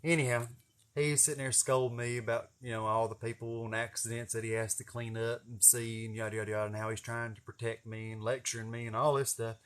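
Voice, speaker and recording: East Tennessee man in his forties, vlogger, rambling folksy storyteller, bright voice. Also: medium pitch, little pitch movement, quick pace. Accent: Southern US, East Tennessee. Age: 40s. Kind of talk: casual storytelling.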